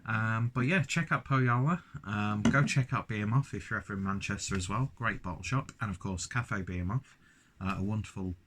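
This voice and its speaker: A young man with a London accent talks through a beer review in a casual solo monologue. His voice sits a bit low, and he rambles with enthusiasm, breaking off into jokes at his own expense. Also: normal speed, a bit bright, a little hiss or hum. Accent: London English. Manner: enthusiastic, rambling, self-mocking asides.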